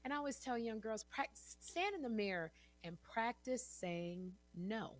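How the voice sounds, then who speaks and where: A woman's voice: a little high, animated, measured pace. A woman in her fifties, a guest in a casual interview, telling stories animatedly, acting out quotes and laughing often. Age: 50s.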